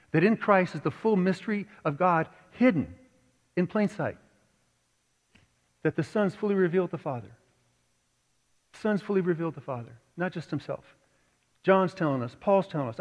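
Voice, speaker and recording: A man preaching a sermon to his congregation, earnest and conversational, building to emphatic points. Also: fairly high pitch. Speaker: pastor. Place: church sanctuary. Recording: dull recording with long hall reverb.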